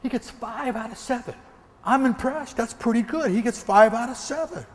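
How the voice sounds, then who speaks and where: A motivational speaker from the American Northwest, a man, telling a lively story during a keynote and acting out gunshots. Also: extremely high pitch, normal speed, big-room sound. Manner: animated, acts out gunshots and quoted voices. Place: large hall before an audience.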